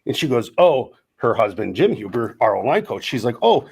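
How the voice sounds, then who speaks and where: A man around fifty from Wisconsin, co-hosting a podcast and telling stories in a casual, animated way, acting out the dialogue as he goes. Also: fairly low pitch, brisk, vocal fry, breathy edge. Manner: animated storyteller, acts out quoted dialogue. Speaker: podcast co-host, former college lineman. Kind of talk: casual storytelling chat.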